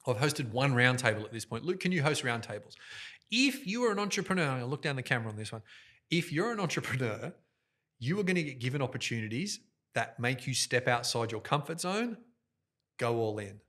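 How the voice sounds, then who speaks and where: A middle-aged man, an event host telling his story as a guest in an animated podcast interview. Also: mid-range voice. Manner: energetic, fast, jokey, talks with his hands toward the mic. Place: podcast studio. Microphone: directional studio microphone.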